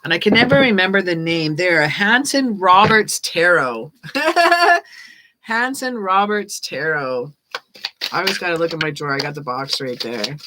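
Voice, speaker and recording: A woman giving tarot readings on a casual live stream, chatting and reading card meanings aloud as she thinks out loud. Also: lowish voice, lively intonation, unhurried, slight background noise, rough recording. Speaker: tarot reader.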